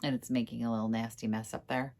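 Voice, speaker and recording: In a relaxed vlog filmed in her home workroom, a middle-aged woman who flips furniture speaks right to the camera in a low, deep-set voice that's fast, a bit mellow, and fairly flat in pitch. She chats her way through each stage of the project while working and mutters to herself whenever it goes wrong.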